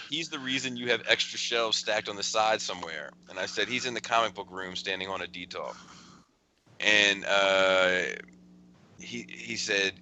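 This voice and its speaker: A man's voice: mid-range voice, pushed and bright, slight background noise, poor audio. A man hosting a casual podcast, chuckling as he rambles through a friend's text messages. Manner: chuckling, rambling storyteller with restarts. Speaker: podcast host.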